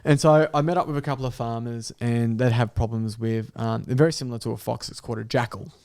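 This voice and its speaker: Man, podcast guest, mid-pitch storyteller, swears freely, acts out every line of dialogue. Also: fairly even intonation, fast talker, a little mellow. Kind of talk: storytelling in casual podcast chat.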